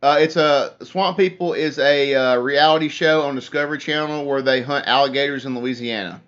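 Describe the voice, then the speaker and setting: Over dull, lo-fi phone audio, a young man hosts a casual livestream, chatting with viewers, spinning a rambling story, and reading their comments aloud. His mid-range voice is steady and fairly bright, at a moderate pace.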